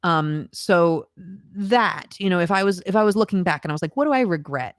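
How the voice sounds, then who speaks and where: Earnest low-voiced woman, very dry sound. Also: normal speed, smooth, no echo. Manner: reflective and earnest, with frequent ums. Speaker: voice actor guest. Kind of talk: casual podcast conversation.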